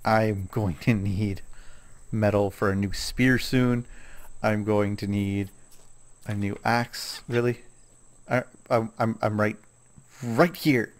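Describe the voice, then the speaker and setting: A man's voice: fairly low pitch, fairly even intonation, takes it slowly. A man casually commenting on his own gameplay, chatting to himself and scolding the animals in the game.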